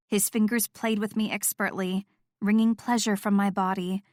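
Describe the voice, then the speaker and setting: A woman's voice: medium pitch, fairly even intonation, moderate pace, darkish tone, no room sound. Woman narrating an audiobook in a dry, close voice. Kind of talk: scripted first-person audiobook narration.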